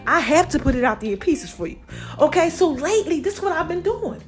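Breathless woman vlogger, bright high pitch, lively direct-address chat over soft background music. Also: a little fast. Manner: chatty and animated, addresses viewers directly. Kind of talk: casual talk to camera.

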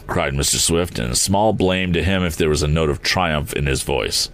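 A man narrating a classic adventure novel as a podcast storyteller, reading in a measured, expressive way. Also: very deep voice. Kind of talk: audiobook narration.

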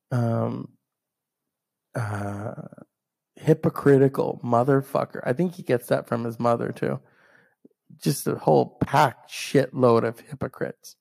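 A man with a gravelly, fry-laden voice rants about family grudges in a solo podcast monologue. His tone is mellow and dark, and he swears constantly. He acts out other people's lines as he tells the story. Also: medium pitch. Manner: profane, heated ranting. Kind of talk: ranting personal storytelling monologue.

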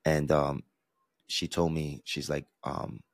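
Very deep, gravelly-voiced man. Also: little pitch movement, takes it slowly, no room sound, studio quality. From New York–New Jersey area, US East Coast. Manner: reflective, earnest, with frequent restarts and fillers. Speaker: podcast host. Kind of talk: personal storytelling and advice.

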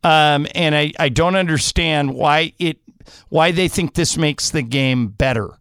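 A man's voice: fairly high pitch, measured pace, a bit bright, smooth, no room sound. Emphatic sports radio man, dry studio. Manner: emphatic, argumentative. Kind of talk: opinionated sports radio talk.

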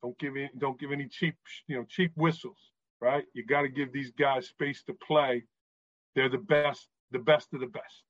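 A calm, firm veteran referee, spoken by a man retelling a story, giving advice. The delivery is low-key. The sound is dry and a little dull. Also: moderate pace, dry recording, lightly acted. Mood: advising.

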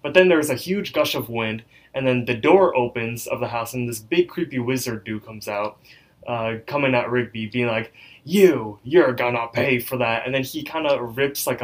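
A man co-hosting a podcast, loosely retelling the plot with plenty of ums and likes. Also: mid-range voice. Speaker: podcast co-host. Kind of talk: casual episode recap.

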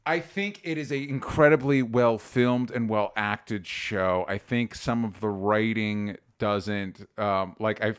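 Brief: male host, smooth clear voice, dry close sound, relaxed, lots of ums. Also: lowish voice, no echo. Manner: relaxed, lots of fillers, reads chat comments. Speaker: podcast host. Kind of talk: casual podcast chat.

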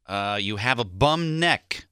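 A man co-hosting a morning radio show, teasing his partner with quick wisecracks. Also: mid-range voice, animated, pushed and bright, smooth, no echo, clean studio sound. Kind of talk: casual radio banter.

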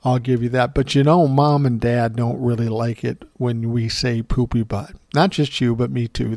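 A man's voice: medium pitch, darkish tone. An older man with a mid-range voice telling stories on his show in a loose, casual way. He is wry and self-mocking and swears freely. The sound is dry and close, with no room echo. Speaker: host. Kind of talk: casual storytelling monologue.

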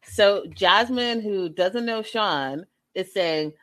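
A woman's voice: mid-range voice, takes it slowly, few pauses, a bit bright. A young woman giving blunt, sarcastic commentary in a casual way, swearing at times.

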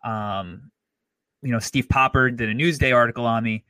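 An upbeat man chatting easily on a sports podcast, with a bright, forward tone at a middle pitch. He sounds dry and close to the mic, no room around him. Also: smooth, no room sound. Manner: upbeat, easygoing, measured with fillers. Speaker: podcast co-host. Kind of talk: casual sports podcast chat.

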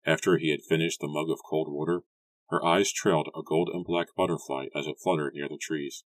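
A man reading a novel aloud as an audiobook narrator, calm and measured. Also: extremely low pitch, no echo. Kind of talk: scripted narration.

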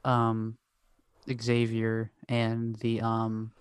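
A man talking casually on a podcast in a smooth, resonant voice, recorded close and dry with no room sound. He slips in wry, teasing remarks between his points. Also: lowish voice, completely flat delivery, extremely slow, no echo. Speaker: podcast co-host.

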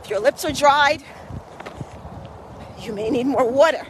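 A woman pacing listeners on a brisk outdoor walk in a park, slightly breathy from walking, with encouraging, repetitive coaching cues. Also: high-pitched, slight background noise, poor audio. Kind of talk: motivational workout vlog while walking.

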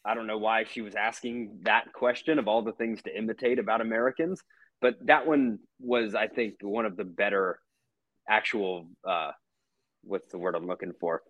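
A man's voice: fairly low pitch, steady tone, moderate pace, no room sound, lo-fi sound. A man co-hosting a podcast, talking in an easygoing, rambling way with filler words. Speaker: podcast co-host. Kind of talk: casual podcast chat.

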